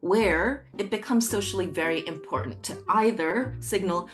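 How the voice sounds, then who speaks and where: A woman's voice: mid-range voice, a little slow, faint music behind. Give me a thoughtful woman linguist from the US explaining in an interview. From United States.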